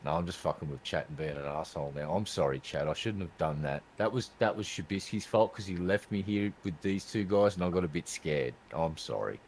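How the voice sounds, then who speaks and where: A man's voice: deep voice, brisk, few pauses, a little mellow, slight background noise, rough recording. A man, co-hosting a casual podcast with teasing, mock-shocked banter. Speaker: podcast co-host.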